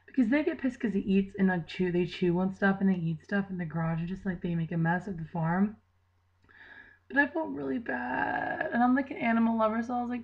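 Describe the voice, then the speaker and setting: A woman's voice: medium pitch, fast, lo-fi sound. Tired young woman chatting to her webcam. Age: young adult. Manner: rambling, filler-heavy, chatty. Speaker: channel regular. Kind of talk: casual vlog chat.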